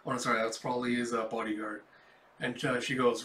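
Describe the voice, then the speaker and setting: Casual comic readthrough by a mid-pitched man, lots of fillers, roomy echo. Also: flat delivery, fast, a bit bright, distant mic. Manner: describes panels aloud with frequent fillers. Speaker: comic book reader. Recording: echoey room.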